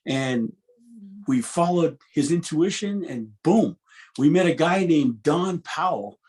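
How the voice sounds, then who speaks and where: Lively middle-aged man telling stories. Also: a little high, slow pace. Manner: animated, restarts often, laughs between stories. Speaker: guest musician. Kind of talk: interview storytelling.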